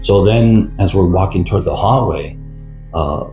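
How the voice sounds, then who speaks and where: Older retired cop rambling thru a story, gravelly voice, echoey room, faint music under. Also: male voice, low voice, warm tone. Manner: rambling, halting retelling with many fillers. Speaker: retired police officer guest. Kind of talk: storytelling interview. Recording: roomy echo with faint music.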